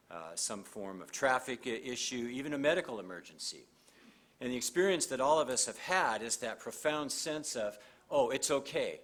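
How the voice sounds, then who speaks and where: An older man, a district judge from Montana, giving a measured, earnest speech at a graduation ceremony and reading an oath at a podium microphone. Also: fairly low pitch, a bit bright. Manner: measured, earnest, with pauses and fillers.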